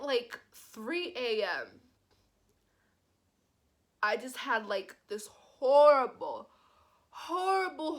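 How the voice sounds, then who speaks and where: A young woman tells a storytime vlog in a loose, chatty way, leaning on "like" between phrases. Her voice sits a bit higher than most women's. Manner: animated, says "like" constantly. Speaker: vlogger.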